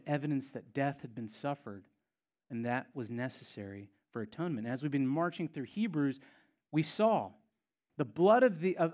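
A man's voice: fairly high pitch, a little mellow, lo-fi sound. A man preaching a sermon as pastor, emphatic and repeating key phrases for effect.

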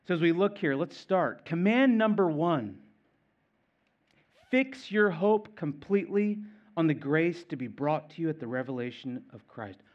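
A man preaching a sermon, stressing and repeating key phrases, swinging between loud and quiet. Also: on the high side, highs cut off. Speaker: pastor.

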